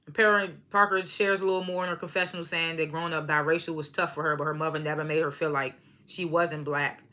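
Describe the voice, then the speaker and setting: Bright, laughing woman recapping reality TV. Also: low voice, steady tone, fast talker. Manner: laughs often while retelling scenes; loose slangy storytelling, acts out quotes. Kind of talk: casual episode recap.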